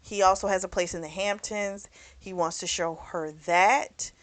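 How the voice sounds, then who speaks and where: At medium pitch and normal speed, a woman keeps a steady tone as she recaps a novel for her book club vlog. The talk is casual and candid, studded with "like" and "you know," plus some swearing.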